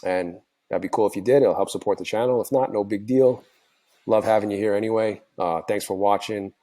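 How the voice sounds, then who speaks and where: A man with a tired, hoarse voice, casually recapping his day's trades for his channel, rambling and correcting himself as he goes. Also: lowish voice, fairly quick, dark tone. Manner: rambling, self-correcting, many fillers. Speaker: trading channel host. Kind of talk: casual screen-share recap.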